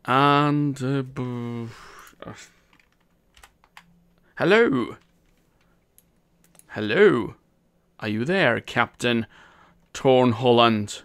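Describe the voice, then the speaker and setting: A chatty man with a Welsh accent hosts a game live stream. He talks in a casual, upbeat way and laughs a lot. His voice sits at an everyday middle pitch. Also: extremely slow, pauses often, fairly bright tone, clear, resonant tone.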